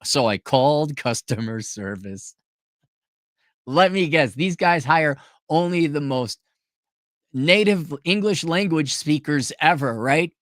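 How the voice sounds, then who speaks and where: An exasperated man delivers a mocking, sarcastic rant. His pitch jumps around a lot, and the sound is dry and close with no room echo. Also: lively intonation, takes it slowly. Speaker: commentary vlogger. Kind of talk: ranting commentary.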